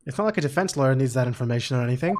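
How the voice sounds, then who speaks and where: A man's voice: medium pitch, expressive, racing, background noise. A man streaming a game, chatting loosely and self-mockingly, swearing often. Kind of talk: casual game let's-play commentary. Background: background music.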